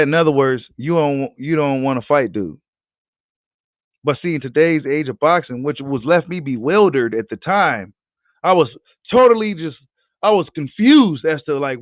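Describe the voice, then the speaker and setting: A man hosting a casual boxing livestream, talking in an animated, slangy, profane way and repeating himself as he reads comments. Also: a little high, a little slow, long pauses, no echo. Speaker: boxing channel host. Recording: tinny phone-like audio.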